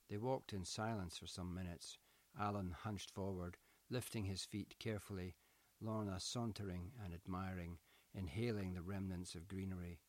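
A man narrating an audiobook in a low voice, reading with a measured, descriptive pace. The recording is close and dry, with no room sound behind him. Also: fairly even intonation, dry recording.

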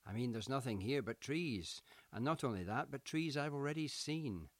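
A man's voice: medium pitch, animated, normal speed, no echo, pitched above the performer's own voice, natural voice. A man reading a storybook voicing a bored, sarcastic young man in his twenties who grumbles at everything. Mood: grumbling. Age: 20s. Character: 26-year-old man, sardonic bored younger brother.

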